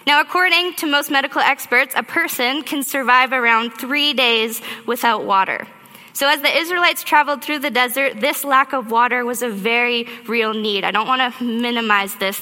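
Woman preacher, bright ringing voice, fairly high, long church-hall echo. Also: moderate pace. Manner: animated storytelling, acts out her own thoughts. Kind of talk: sermon. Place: church auditorium. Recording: reverberant hall.

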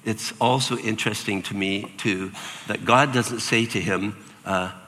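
An older man preaching a sermon as pastor, animated and acting out voices with sudden jumps in pitch. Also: unhurried, in a large hall.

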